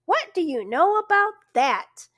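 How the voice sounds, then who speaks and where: A small-town constable with a folksy drawl, put on by a woman reading aloud. He talks slowly and loudly, his voice swinging up and down as he grumbles. The sound is close and dry. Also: very high-pitched, very animated, dry recording, voice pushed up, full character voice. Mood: folksy grumbling. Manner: folksy drawl, loud and suspicious. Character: chatty grumbling rural male constable, middle-aged.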